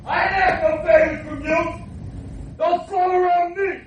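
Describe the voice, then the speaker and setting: An actor playing a bitter, struggling boxer, shouting a tirade in a film scene. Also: male voice, extremely high pitch, fairly even intonation, unhurried, recorded from a distance, dull audio. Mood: furious ranting. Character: bitter, struggling male boxer in his thirties. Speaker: film character. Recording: roomy film clip from afar with faint hiss.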